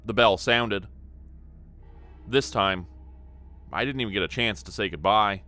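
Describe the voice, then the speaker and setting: Man narrating a scary story, bright voice. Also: fairly low pitch, a little slow, long pauses. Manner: earnest, first-person storytelling. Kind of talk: scripted horror story narration.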